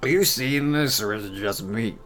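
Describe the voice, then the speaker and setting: A man's voice: medium pitch, moderate pace, a bit bright, soft background music, lightly acted. A man voicing a grizzled, drunk, bearded drifter who drawls suspiciously.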